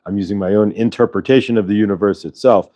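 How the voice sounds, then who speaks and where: Low-voiced guy rambling on a live stream, lots of uh and um, chatting with viewers from home. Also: steady tone, quick pace, warm tone. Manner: rambling, many fillers and restarts, chatting with viewers. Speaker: host of a live spiritual channeling show. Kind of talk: casual live-stream chat. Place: at home in Colorado.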